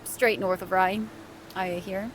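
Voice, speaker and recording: A woman's voice: medium pitch, fairly even intonation, slow, a little hiss or hum. A woman live streamer chatting casually with viewers while playing a game, thanking people by name and laughing easily. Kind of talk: casual chat while gaming. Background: faint game music.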